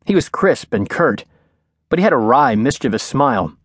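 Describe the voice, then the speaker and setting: A man reading a thriller audiobook aloud in a measured, clear storytelling manner, recorded on a studio microphone. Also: medium pitch, very animated, dry recording. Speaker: audiobook narrator. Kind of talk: scripted narration.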